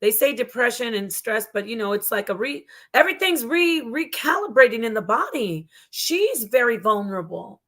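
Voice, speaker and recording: A woman's voice: fairly high pitch, big pitch swings, normal speed, hardly any pauses, a bit bright. A woman hosting a live stream, talking to her chat in an emotional, casual way, with frequent restarts. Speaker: live stream host reacting to a video.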